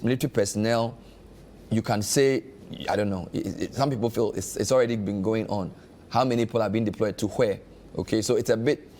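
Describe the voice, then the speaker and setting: Guy on a news show, lowish voice, reads a statement then picks it apart. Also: darkish tone, a little hiss or hum. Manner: measured, reads aloud then adds his own analysis. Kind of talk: reading a statement on air with commentary.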